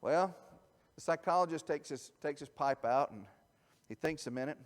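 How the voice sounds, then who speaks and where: A man, a pastor, preaching a conversational sermon that moves from quiet asides to loud emphasis. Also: a little high, normal speed. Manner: conversational, swings from soft asides to shouted emphasis. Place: church sanctuary. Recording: church hall with long reverb.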